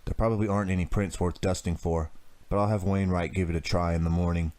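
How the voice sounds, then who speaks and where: A man voicing a gruff middle-aged police officer father who speaks in a slow drawl. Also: deep voice, steady tone, darkish tone, lightly acted.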